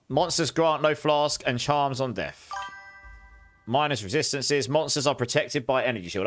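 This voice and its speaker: A young man with a medium-pitched, slightly bright voice chats casually on a game live stream, thanking viewers and exclaiming often.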